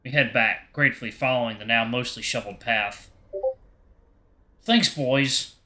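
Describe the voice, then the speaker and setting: A man's voice: medium pitch, steady tone, fast talker, bright, forceful tone. A man narrating a visual novel aloud in the first person, with wry asides. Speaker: game streamer reading a visual novel.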